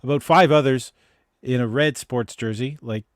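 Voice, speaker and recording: A man's voice: mid-range voice, normal speed, dry recording, studio quality. A man co-hosting a casual video call chat, telling stories with wry jokes. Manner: wry, joking, easygoing storytelling. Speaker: co-host.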